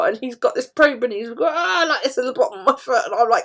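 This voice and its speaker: A woman's voice: a little high, expressive, fairly quick, a bit bright. A middle-aged woman chatting casually on a live stream, telling stories and swearing freely. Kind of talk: casual chat while journaling.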